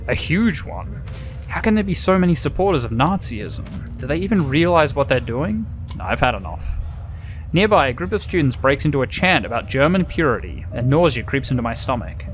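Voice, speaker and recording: A man's voice: mid-range voice, sing-song, moderate pace, faint music behind. A man playing a story game, reading its text aloud and adding casual, offhand comments. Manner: casual, offhand, muttering asides. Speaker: gamer.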